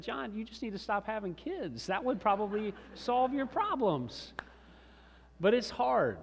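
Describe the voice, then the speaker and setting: A middle-aged male pastor delivers a sermon in a chatty, story-telling manner with chuckles. His voice sits slightly high for a man. A long reverb from the large church hall trails after his words.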